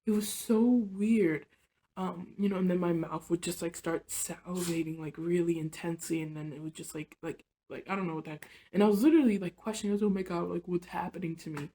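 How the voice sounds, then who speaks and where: Give me a woman with a warm, relaxed voice, telling a personal story in a rambling, emotional way that often drops to a hush. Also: a little fast. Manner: rambling, heavy use of "like" and "you know"; emotional and confessional, often dropping soft and low. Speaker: vlogger.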